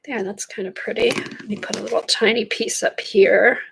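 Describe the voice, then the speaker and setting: A woman's voice: medium pitch, steady tone, moderate pace, creaky, background noise. A middle-aged woman chatting casually with viewers by name while she works on a craft project during a livestream. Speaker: art livestream host.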